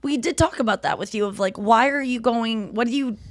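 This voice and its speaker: A woman's voice: on the high side, fairly quick, no room sound. A woman in her thirties hosting a podcast, telling rambling stories in casual chat and swearing freely. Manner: chatty, rambling storyteller who swears freely. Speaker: podcast host.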